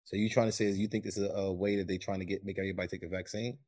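A man's voice: deep voice, level tone, rapid-fire, a little mellow, no echo. A man co-hosting a podcast, telling loose, jokey stories in casual chat and often stammering. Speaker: podcast co-host.

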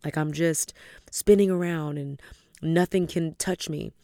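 A woman in her thirties, a podcast host telling a personal story in a chatty, animated way, often calling her listeners y'all. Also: low-pitched, a little slow, dry recording, studio quality. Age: 30s. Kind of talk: casual storytelling.

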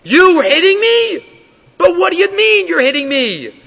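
A man's voice: extremely high pitch, big pitch swings, measured pace, creaky, sharp tone, pitched above the performer's own voice, heavily acted. A man voicing an indignant donkey that scolds its rider with exasperated questions. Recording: dull recording in a reverberant hall.

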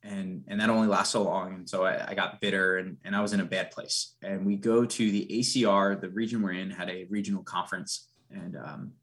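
A man's voice: deep voice, level tone, a little fast, few pauses, a bit bright. A man, a podcast guest, telling a personal story in an earnest, reflective way with many restarts. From United States.

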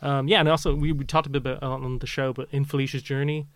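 A man co-hosting a podcast, rambling through film talk in a relaxed chat. His voice is mid-pitched and recorded very dry, close and without room sound. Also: quick pace, no room sound. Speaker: podcast co-host.

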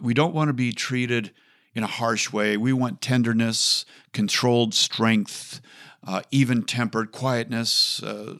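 A man hosting a faith talk show, teaching in an earnest, coaxing way with rhetorical questions. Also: lowish voice. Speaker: radio show host.

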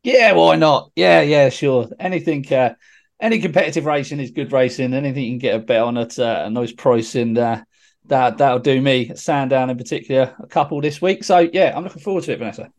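A man's voice: mid-range voice, a little fast. An easygoing man gives tips on a podcast in casual chat. He talks with hesitant fillers. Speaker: podcast tipster.

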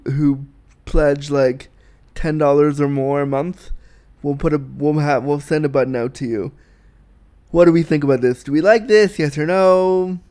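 A man's voice: a little high, warm tone, smooth. A man hosting a casual solo podcast, talking candidly and bawdily in a rambling way with restarts and giggles. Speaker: podcast host.

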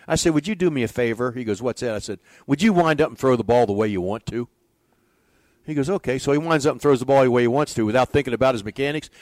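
An older man spins folksy stories as an interview guest, acting out each quoted voice. His pitch sits in an ordinary middle range, and the sound is close and dry with no room around it. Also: no room sound. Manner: folksy, animated storyteller who acts out quoted dialogue. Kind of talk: storytelling in a conversational interview.

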